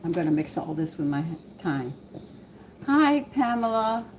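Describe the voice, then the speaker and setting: A woman's voice: lowish voice, sing-song, measured pace, a little hiss or hum, rough recording. A woman with a Southern US accent hosting a casual home cooking live stream, wandering off into personal stories as she cooks. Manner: rambling, drifts into personal stories while cooking. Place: home kitchen. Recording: kitchen clatter of dishes and cutlery.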